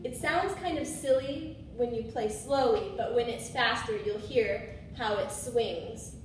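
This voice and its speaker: Over music, a woman with a slightly high voice teaches swing phrasing at a measured pace, casually demonstrating by singing syllables and fixing her own mistakes. It's an instructional session for musicians in a room with a board, recorded from afar in an echoey room.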